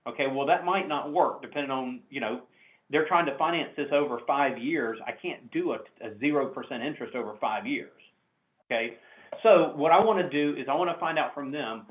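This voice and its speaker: A man running a sales training class, animated and coaching, acting out customer exchanges over a video call. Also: mid-range voice, brisk. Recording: echoey, tinny call audio.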